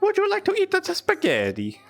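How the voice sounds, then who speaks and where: A man putting on a high, exaggerated, cheerful cartoon plumber voice in a falsetto. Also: wildly swooping pitch, normal speed, gravelly, full character voice. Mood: cheery.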